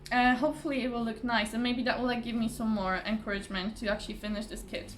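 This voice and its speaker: Woman, casual craft vlogger, highish voice, rambling and chatty, slightly tired voice. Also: fairly even intonation, fast, slight background noise. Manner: chatty, rambling, many fillers and restarts; laughs often. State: voice a little tired. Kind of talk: casual chat to camera. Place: home, at a table. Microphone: phone or camera on the table.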